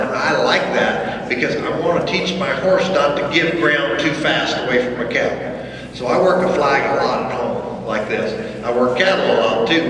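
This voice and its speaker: Clinician, male, bit high-voiced, barking short commands; distant, echoey arena recording. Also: a bit bright. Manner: directive coaching with short repeated commands. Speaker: horse training clinician. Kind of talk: live arena riding demonstration. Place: large indoor horse arena at an expo.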